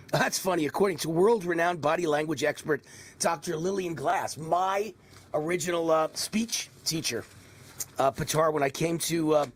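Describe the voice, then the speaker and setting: A man in his sixties hosts a live political talk stream, his voice a little high with a faint New York accent. He rambles in an animated way, tossing in plenty of mocking asides.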